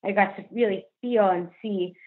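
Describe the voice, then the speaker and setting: A woman's voice: mid-range voice, steady tone, normal speed. Young woman guest, candid and heartfelt, mid-range voice over a thin phone line. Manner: earnest, heartfelt, frequent "like" fillers. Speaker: podcast guest, author. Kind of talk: candid interview conversation. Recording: phone-line remote call.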